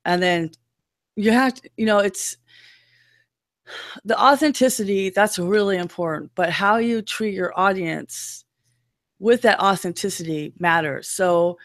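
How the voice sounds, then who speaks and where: Woman, low voice, casual co-host chat, animated, dry recording. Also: unhurried, long pauses, dry recording. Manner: animated, playful impressions of other voices. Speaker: podcast co-host.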